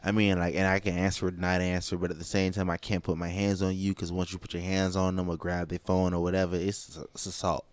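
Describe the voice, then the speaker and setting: A man's voice: deep voice, flat delivery, fast talker, hardly any pauses, clear, resonant tone, no room sound. A man co-hosting a podcast in casual chat, joking and rambling with lots of fillers. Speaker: podcast co-host.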